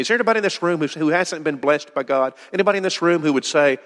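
A man's voice: fairly high pitch, racing, hardly any pauses, a bit bright. An older man preaching a conversational sermon to his congregation in church, with emphatic questions. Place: church hall. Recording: roomy hall reverb.

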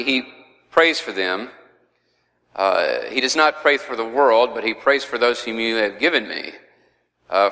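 A man's voice: mid-range voice, pushed and bright, in a large hall, poor audio. A man teaching a verse-by-verse Bible study in a conversational way, with frequent fillers.

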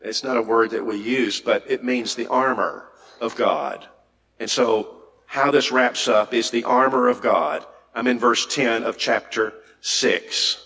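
A man's voice: unhurried, gravelly, bright, forceful tone. A man preaching a sermon, reading scripture aloud and commenting on it, with frequent restarts and questions put to the congregation. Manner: reads scripture aloud and comments, rising pitch when emphatic; repeats words and restarts, asks the audience questions.

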